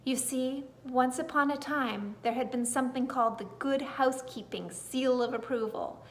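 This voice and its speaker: A woman's voice: sits high, moderate pace. Woman reading a bedtime story aloud. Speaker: storybook reader.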